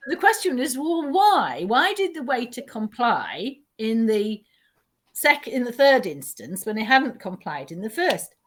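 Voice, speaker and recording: A woman trainer explaining ideas in a conversational way, animated and quick to laugh, often restarting her sentences. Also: fairly high pitch. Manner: animated, self-interrupting storyteller who laughs often. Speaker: teaching trainer.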